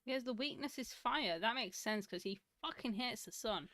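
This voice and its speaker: A woman's voice: fairly high pitch, expressive, moderate pace, sharp tone, no echo. Woman chatting on a stream, teasing, laughs a lot, dry close sound. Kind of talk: casual live-stream chat.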